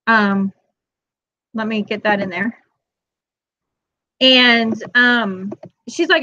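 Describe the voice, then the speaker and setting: Her voice sits on the high side with a sharp tone, and she talks unhurriedly with long pauses. As host of a weekly moms' chat streamed live, she chats and tells stories, voicing her friends' lines in quotes and addressing viewers as "girl," all on dull, dry lo-fi webcam audio.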